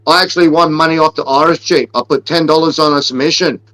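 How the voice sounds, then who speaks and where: A man's voice: a little high, fairly even intonation, quick pace, sharp tone, rough recording. A man, co-hosting a casual podcast and joking through brash, swearing rants. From Australia. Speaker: podcast co-host.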